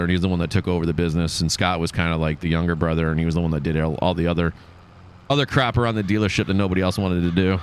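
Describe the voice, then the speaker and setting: A man's voice: sits low, smooth. A man, telling a long rambling story in casual chat while hosting a game stream, full of fillers and restarts. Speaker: livestream host.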